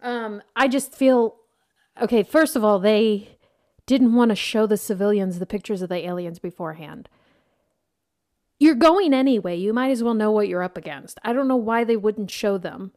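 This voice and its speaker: A woman co-hosting a casual movie review chat, chatty and quick to giggle, steering the talk with questions. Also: mid-range voice, darkish tone. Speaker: podcast co-host.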